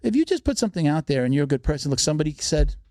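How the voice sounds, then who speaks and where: A man who speaks rapidly and a bit high for a man, in loose, profane podcast storytelling. He slips into the voices of the people he quotes as he goes. The sound is close and dry, with no room echo. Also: very animated, dark tone. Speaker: podcast guest.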